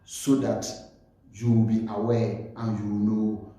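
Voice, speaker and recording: A man giving earnest commentary as a vlogger, speaking slowly and repeating himself to stress his points. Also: lowish voice, flat delivery, dark tone. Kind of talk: earnest spoken commentary to camera. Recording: very echoey room.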